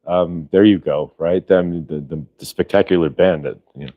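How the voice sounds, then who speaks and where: Low-voiced man rambling casually. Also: fairly even intonation, normal speed, no echo, narrow, tinny audio. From Ohio, US. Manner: rambling, with many restarts and tangents. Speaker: host. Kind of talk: casual chat.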